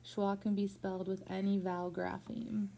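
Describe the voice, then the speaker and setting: A woman's voice: mid-range voice, little pitch movement, normal speed, creaky, dark tone, slight background noise. A woman teaching reading one-on-one, prompting a student step by step with patient encouragement. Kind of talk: one-on-one phonics tutoring.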